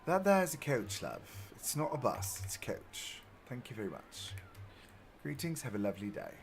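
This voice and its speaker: A man's voice: mid-range voice, sing-song, moderate pace, vocal fry, slight background noise. A man putting on a mock British voice, exaggerated and polite. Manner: exaggerated polite clerk talk.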